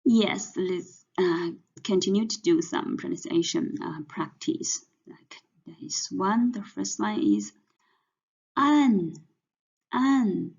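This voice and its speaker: A woman teaching pinyin in a slow lesson, saying each syllable several times over. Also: fairly low pitch, creaky, a little mellow, slightly rough. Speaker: Chinese teacher. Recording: dull lo-fi sound.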